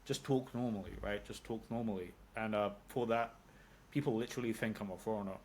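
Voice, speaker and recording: A man's voice: fairly low pitch, a little fast, a little mellow, slight background noise. A man from London with a British accent, in his thirties, giving a casual interview answer full of fillers and casual swearing. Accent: British English. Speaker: interview guest.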